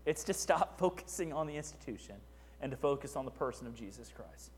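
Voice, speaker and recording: A man's voice: mid-range voice, lively intonation, fairly quick, long reverb tail, a little hiss or hum. A man preaching a sermon as a pastor, conversational, with frequent asides and "right?".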